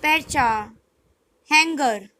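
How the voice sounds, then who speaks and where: High-voiced woman reading words very slowly. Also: bright, forceful tone, rough recording. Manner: slow, word-by-word, deliberate reading. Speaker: language tutor. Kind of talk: scripted vocabulary drill.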